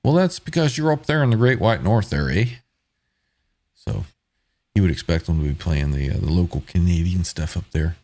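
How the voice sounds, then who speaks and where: Man, live-stream host, mellow dark voice, laid-back chat. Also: low-pitched, animated, moderate pace. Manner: reads viewer comments aloud, laughs often.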